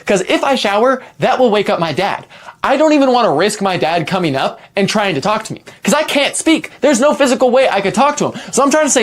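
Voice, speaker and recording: A man's voice: high voice, very animated, fairly quick. A young man telling a personal story in a casual, rambling way, full of "like" and restarts.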